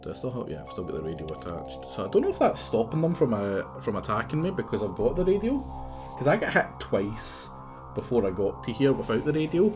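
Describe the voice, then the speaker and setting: A man from Scotland livestreams his gameplay with brisk, casual commentary over music, swearing liberally and retorting to the game as he rambles. His medium-pitched voice swings widely up and down.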